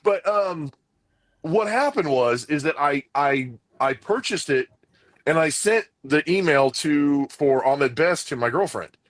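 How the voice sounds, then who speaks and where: A man co-hosting a podcast, telling a rambling, excited story full of quoted back-and-forth. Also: on the high side, unhurried, dry recording. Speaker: podcast co-host. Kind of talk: casual chat, animated storytelling.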